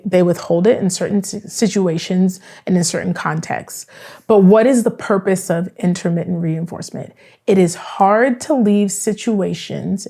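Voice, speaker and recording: A woman therapist talks in a relaxed, conversational way, with a mellow, warm tone at a middle pitch. She keeps checking in with the listener by asking "right?". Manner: chatty, acts out both sides of dialogues. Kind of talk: conversational explainer monologue.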